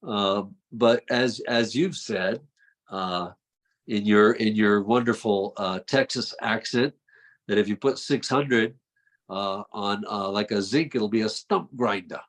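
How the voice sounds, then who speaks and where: A man hosting a video call interview, passing on viewer questions in an informal, hesitant way. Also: fairly low pitch. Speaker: host.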